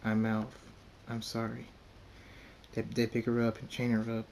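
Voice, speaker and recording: A man reading his own fan fiction story aloud in the first person, halting and repeating words. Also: on the low side, monotone, darkish tone, slight background noise.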